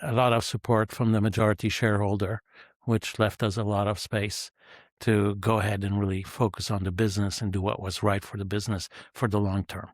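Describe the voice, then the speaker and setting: A retired male executive guest on an interview podcast, talking in a measured, reflective way with frequent fillers. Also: lowish voice, flat delivery, no room sound, studio quality. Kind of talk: conversational interview answers.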